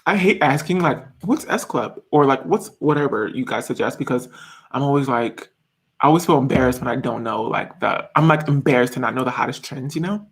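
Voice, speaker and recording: A man's voice: medium pitch, expressive, a little fast. A man in his twenties chatting casually on a live stream, reading viewer comments in a giggly, rambling way. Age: 20s.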